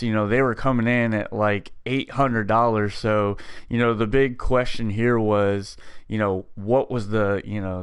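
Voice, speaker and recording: A man's voice: fairly low pitch, clean tone. A man hosting a casual gaming podcast, upbeat and chatty, with plenty of fillers. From Scottish heritage. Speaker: podcast host.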